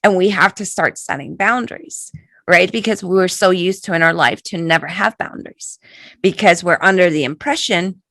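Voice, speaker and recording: Middle-aged lady talking thru feelings, casual and earnest, keeps saying right?, low-ish voice. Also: moderate pace, fairly bright tone, dry recording. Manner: chatty, earnest, says "right?" often. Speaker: tarot shop host and spiritual guide. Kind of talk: casual guided reflection talk.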